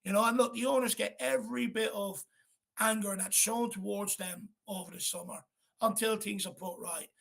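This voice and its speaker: Angry, gravelly high-voiced man. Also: steady tone, normal speed, a bit bright. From Ireland. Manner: angry, blunt, swearing. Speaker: fan channel host. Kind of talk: live football watchalong chat.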